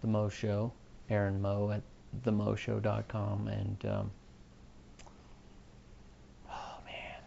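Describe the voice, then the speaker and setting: A man's voice: fairly low pitch, monotone, a little slow, gravelly, few pauses, warm tone, muffled recording, slight background noise. A man hosting his own podcast, rambling along in an offhand, self-mocking way. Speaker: podcast host. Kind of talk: rambling solo podcast chat.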